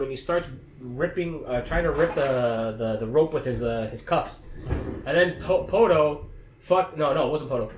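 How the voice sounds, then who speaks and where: A fairly high-voiced man recaps a film in loose, profane chat, acting out bits of dialogue as he goes. His voice sits in a roomy, echoing space with a dull, lo-fi sound and a faint hiss underneath. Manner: rambling, heavy swearing, acts out lines. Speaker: podcast co-host. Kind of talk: casual movie recap chat.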